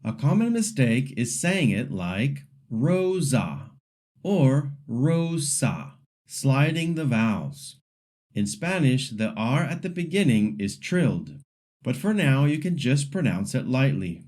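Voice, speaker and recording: A man teaching Spanish pronunciation leads a scripted lesson, very animated, with a mellow voice and a relaxed pace. His pitch roams up and down as he articulates every word for learners to repeat.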